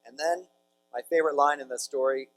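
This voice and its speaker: Speaking to a big crowd at a conference, this priest uses a chatty storytelling style peppered with jokes aimed at the audience. His voice is fairly high and steady, and he talks fairly quickly. Faint music plays behind him on poor audio.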